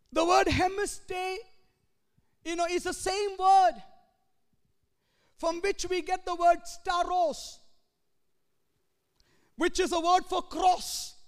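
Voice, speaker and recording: A man preaching a sermon as a pastor, earnest and rising at times to shouts, in a church hall. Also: extremely high pitch. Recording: long reverb in a church hall.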